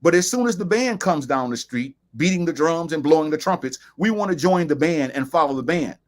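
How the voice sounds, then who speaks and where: A man's voice: a little high, animated, brisk. A man hosting a talk broadcast, speaking emphatically in a preaching style, quoting sayings and repeating phrases for stress. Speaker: host.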